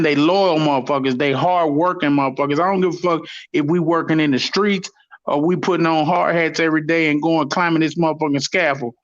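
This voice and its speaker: A man hosts a rowdy call-in chat, spinning war stories full of curses and bursts of laughter. His voice sits on the higher side. The sound is dull and lo-fi, like a call recording. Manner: profane, laughing, animated storyteller. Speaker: host. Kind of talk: casual storytelling chat.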